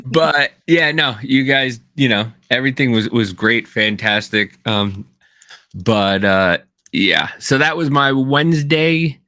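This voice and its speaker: A man's voice: medium pitch, slow, pushed and bright, no room sound, clean studio sound. A man co-hosting a podcast, telling rambling stories in casual chat, full of restarts and fillers. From Kansas. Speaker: podcast co-host.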